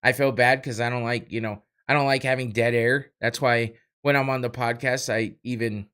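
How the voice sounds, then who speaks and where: A man's voice: medium pitch, fairly even intonation, moderate pace, a bit bright, smooth. A young man hosting a casual solo podcast, talking over a live fight with rambling, profane, self-mocking chatter and frequent laughs. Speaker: podcast host. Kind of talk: casual solo watch-party commentary.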